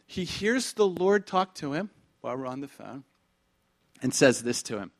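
A man's voice: mid-range voice, very animated, normal speed. A middle-aged man preaching a sermon as pastor, telling stories animatedly, acting out dialogue and dropping at times into whispers.

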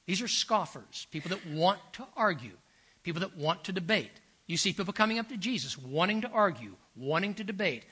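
A man's voice: high voice, lively intonation, a little fast, fairly bright tone, slightly rough. An older man preaching a sermon as pastor, earnest and emphatic, telling stories and repeating phrases for effect.

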